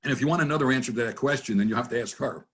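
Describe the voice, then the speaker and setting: A man's voice: mid-range voice, very fast, slightly rough. A man speaking as a guest in a webinar interview over a video call, telling stories in a rambling, joking way with many restarts. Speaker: guest, business trainer. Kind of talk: casual storytelling in a webinar interview.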